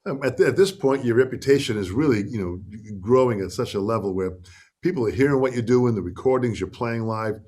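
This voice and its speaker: A man hosting an interview, asking quick leading questions. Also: medium pitch, a little mellow, reverberant. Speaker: interview host.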